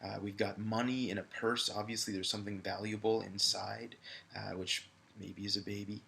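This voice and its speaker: A male high school English teacher giving a recorded video lesson, talking to viewers in a conversational way with frequent fillers. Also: level tone, normal speed, gravelly, pushed and bright.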